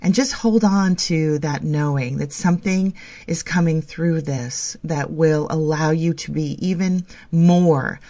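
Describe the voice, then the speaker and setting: A woman co-hosting a spiritual podcast, talking in a gentle, flowing, reassuring way. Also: low voice, measured pace. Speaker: podcast co-host. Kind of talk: casual spiritual chat.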